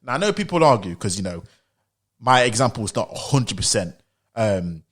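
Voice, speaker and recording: A man's voice: fairly low pitch, very animated, moderate pace, fairly bright tone, slightly rough. A British man giving an opinion commentary monologue, insistent and emphatic, driving his points home with rhetorical questions and repetition. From United Kingdom. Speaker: opinion vlogger.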